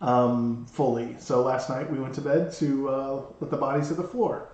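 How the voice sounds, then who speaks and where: A man co-hosting a podcast, chatting casually and hesitantly with many pauses and fillers. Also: medium pitch, fairly even intonation, a little mellow, reverberant, poor audio. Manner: hesitant, lots of ums and uhs. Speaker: podcast co-host. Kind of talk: casual chat.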